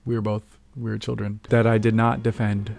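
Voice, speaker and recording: Young guy rambling thru a funny story on his vlog, laughs a lot, jumps up loud for the quotes, faint music underneath. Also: fairly low pitch, fairly quick, creaky. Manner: animated, laughs often, acts out quotes in raised voice. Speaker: vlog host. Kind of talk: casual storytelling monologue.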